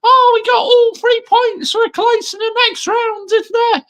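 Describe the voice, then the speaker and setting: A man putting on a whiny, mocking high falsetto as a fan teasing him. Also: fairly even intonation, measured pace, pushed and bright, exaggerated voice.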